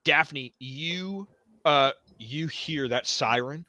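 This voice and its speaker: A man's voice: on the high side, drawn-out words, bright, forceful tone, no echo. A man narrating as game master of a tabletop horror game, setting scenes vividly and dramatically.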